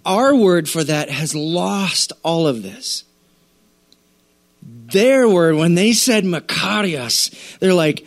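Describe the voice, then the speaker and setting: A man preaching a sermon to a church congregation, animated and conversational, often acting out the voices of listeners. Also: fairly high pitch, slow pace. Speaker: pastor.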